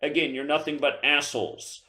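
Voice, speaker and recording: Pissed off host guy swearing nonstop at callers, bright edgy tone. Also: on the high side, fairly even intonation, normal speed. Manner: furious, cursing, insulting listeners. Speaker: call-in show host. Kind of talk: angry profane rant.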